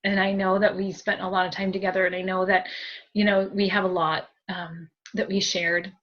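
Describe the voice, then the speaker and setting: A woman's voice: mid-range voice, flat delivery, moderate pace, muffled recording. A woman giving a spiritual group reading as a medium, chatty and giggly, with many fillers and thanks.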